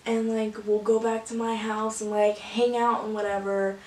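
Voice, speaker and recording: A woman's voice: medium pitch, level tone, normal speed, a little mellow, slight background noise. A young woman telling a rambling story to her camera, full of 'like' and laughter. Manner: rambling, laughing often, filler-heavy with lots of 'like'. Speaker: vlogger. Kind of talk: casual storytime. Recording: echoey room, from a distance.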